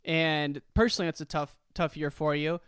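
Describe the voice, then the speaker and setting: A man's voice: a little high, fairly quick, fairly bright tone, smooth, no echo, studio quality. A man hosting a casual interview, joking and easily amused as he asks questions. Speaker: interviewer, host.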